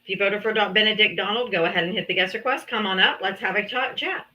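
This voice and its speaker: Bright-voiced teasing woman streamer. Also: medium pitch, fast talker. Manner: teasing, sarcastic, talks down to commenters. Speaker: livestream debate host. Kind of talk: casual live-stream talk. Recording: dull lo-fi stream audio.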